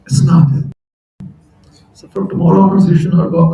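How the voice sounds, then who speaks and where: A man tells a sermon story in a chatty way, often laughing at his own jokes. His voice sits high and mellow, and he speaks slowly. He sounds distant in an echoing hall. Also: slight background noise. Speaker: temple speaker. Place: temple hall. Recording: echoey hall, voice from far off.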